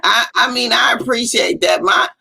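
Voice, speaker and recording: A woman coach, a guest on a video call, speaking warmly and haltingly and often repeating herself. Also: fairly high pitch, gravelly, husky. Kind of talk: casual interview.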